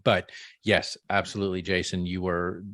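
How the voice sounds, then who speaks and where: A man's voice: low-pitched, little pitch movement, moderate pace, fairly bright tone, dry recording, clean studio sound. A man hosting a podcast, joking and bantering casually with his co-hosts and guest. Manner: joking, playfully crude. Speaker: podcast host.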